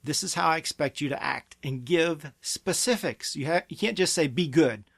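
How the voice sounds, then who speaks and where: A man's voice: a little high, moderate pace, vocal fry, a bit bright, no room sound, studio quality. A man giving parenting advice as a therapy clinic presenter, earnest and emphatic. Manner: earnest, emphatic, acts out parent and child quotes. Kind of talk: advice talk to camera.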